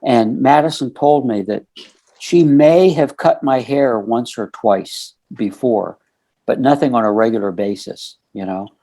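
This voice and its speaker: Speaking at a measured pace in a mellow, medium-pitched voice, a middle-aged man tells an earnest, casual story on a podcast where he is a guest. He relays each conversation in sequence and fills pauses with "you know" and "um."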